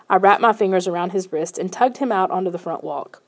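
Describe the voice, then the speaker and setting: A woman narrating a first-person children's novel in a steady storytelling manner. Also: on the low side, fairly quick. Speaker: audiobook narrator.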